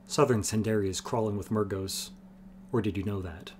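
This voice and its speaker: A man's voice: on the low side, fairly even intonation, normal speed, slight background noise, close to an everyday voice. Man reading aloud, fierce clan chief, curt, blunt, grim. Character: fierce hawk-like male horse-clan chief.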